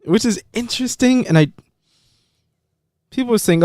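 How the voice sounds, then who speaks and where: His pitch is extremely high, his delivery animated and a little mellow, at a moderate pace. As a podcast host he chats casually, talkative but hesitant and full of ums, on a dry, clean studio recording.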